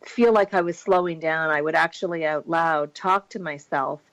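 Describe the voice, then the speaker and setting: A middle-aged woman telling a story in a casual interview, animated and laughing often. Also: deep voice, normal speed, poor audio. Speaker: podcast guest.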